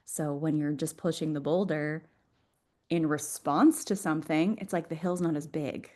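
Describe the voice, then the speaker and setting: A woman's voice: low-pitched, fairly even intonation, normal speed, a little mellow. A woman being interviewed on a podcast, explaining her field enthusiastically and laughing often. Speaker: podcast guest, Human Design mentor.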